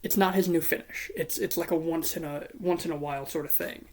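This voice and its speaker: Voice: medium pitch, steady tone, brisk. A wrestling booking commentator giving a casual solo talk, narrating imagined matches in a blunt, profane, playful way.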